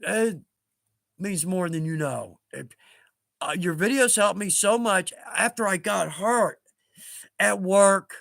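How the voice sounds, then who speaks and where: A man in his fifties hosts a casual livestream, his voice sitting high for a man. He rambles through stories in a chatty, self-mocking way, chuckling often. The sound is close and dry. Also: slow pace, gravelly, pauses often, a bit bright, no room sound. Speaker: livestream host.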